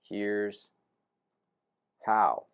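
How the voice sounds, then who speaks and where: A man's voice: lively intonation, extremely slow, vocal fry, smooth, highs cut off. Upbeat casual man teaching on screen. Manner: casual, upbeat, fillers like "right?" and "boom". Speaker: real estate investing coach. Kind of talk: screen-share tutorial, thinking aloud while typing.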